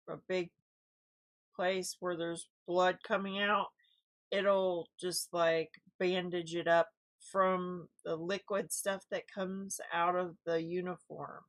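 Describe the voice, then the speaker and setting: A woman's voice: on the low side, a bit bright. A middle-aged woman hosting a casual news commentary, rambling with many fillers and restarts and breaking into exasperated, incredulous asides. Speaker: host.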